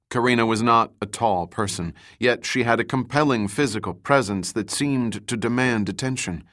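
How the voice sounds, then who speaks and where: Casting: male narrator, low voice, measured novel reading. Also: fairly bright tone. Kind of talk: audiobook narration.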